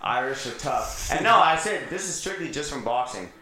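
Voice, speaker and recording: Animated young man in an echoey room. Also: mid-range voice, moderate pace. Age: late 20s. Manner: loud laughs, lots of swearing, teasing. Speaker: podcast co-host and producer. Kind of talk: casual chat.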